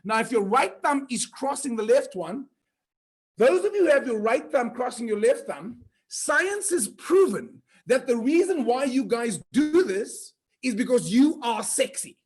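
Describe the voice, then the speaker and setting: High-voiced upbeat man. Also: very animated, measured pace, husky. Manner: playful, teasing, upbeat, reads out names. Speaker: conference host. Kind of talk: energetic virtual event hosting.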